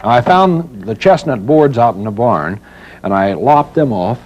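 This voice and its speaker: A man's voice: mid-range voice, lively intonation, a little slow, a little mellow, dull audio. A middle-aged man hosting a home improvement show, explaining a woodworking project in a chatty, teasing, homespun way. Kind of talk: folksy how-to demonstration. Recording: 1990 VHS tape with faint hiss.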